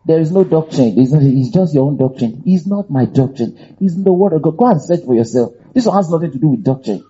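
A man preaching a sermon, emphatic and animated. He repeats phrases for emphasis and breaks into shouts and laughs. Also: on the high side, fairly quick, highs cut off.

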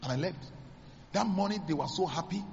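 A Nigerian man, a pastor, preaching a sermon as dramatic storytelling, acting out the dialogue with sudden high exclamations. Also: animated, a little fast, gravelly, long reverb tail, highs cut off, slight background noise.

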